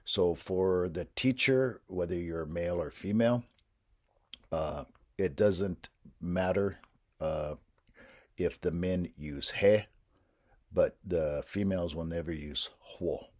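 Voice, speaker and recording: Low-voiced man explaining a language lesson. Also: a little mellow. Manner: patient, measured, explanatory. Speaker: language teacher trainer. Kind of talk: instructional explanation.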